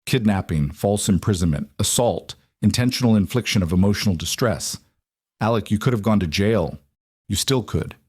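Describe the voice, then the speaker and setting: A man's voice: lowish voice, lively intonation, moderate pace, a little mellow, husky, no echo, studio quality. A man voicing an exasperated adult woman who fires pointed, incredulous questions at her husband in an audiobook. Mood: sarcastic. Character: sharp-tongued wife, adult woman, exasperated.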